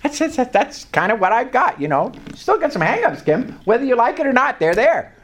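An older voice tells a personal faith story to a small group. The pitch swings widely from low and hushed to high and excited, and the voice is neither notably high nor low. The delivery is animated and full of acted-out prayers and soft chuckles. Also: brisk. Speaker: lay preacher sharing testimony.

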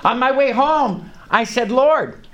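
Telling a small group about personal faith, this older lay preacher ranges from hushed lows to excited highs, though the voice itself sits in the middle. The delivery is animated, with prayers acted out and soft chuckles, at a measured pace. The recording is muffled.

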